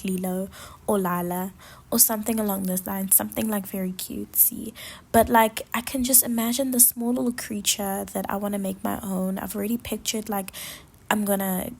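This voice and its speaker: A young woman hosting a casual solo podcast, talking in a rambling, gushing way with lots of fillers and a soft, half-whispered delivery. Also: medium pitch, vocal fry, breathy edge. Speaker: podcast host.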